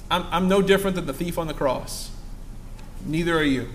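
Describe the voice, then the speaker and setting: Fervent high-voiced male pastor preaching. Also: brisk, a little hiss or hum. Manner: fervent, rising to emphatic exclamations. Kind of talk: sermon.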